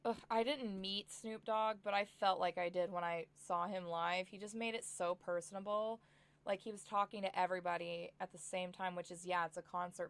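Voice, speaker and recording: A tired young woman from Oklahoma with an Oklahoma accent, chatting excitedly and rambling as she streams a life-simulation game. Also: on the low side, brisk, gravelly, smooth. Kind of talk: casual chat while playing a game.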